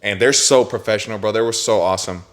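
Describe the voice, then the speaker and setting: A man's voice: on the low side, quick pace. Slangy young man telling a story. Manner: animated, slangy, says bro and dude a lot. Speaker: podcast host. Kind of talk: casual storytelling chat.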